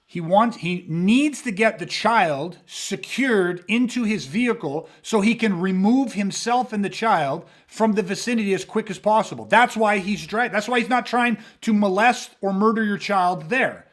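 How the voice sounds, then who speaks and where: Male podcast host, high voice, blunt and profane, emphatic teacher. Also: moderate pace, hardly any pauses. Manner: blunt, emphatic, heavy swearing, acts out scenarios. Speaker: self-defense instructor hosting a podcast. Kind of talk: casual podcast talk.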